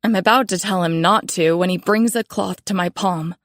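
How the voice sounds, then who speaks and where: Female romance audiobook narrator, calm and measured, dry close mic. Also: on the low side, no echo.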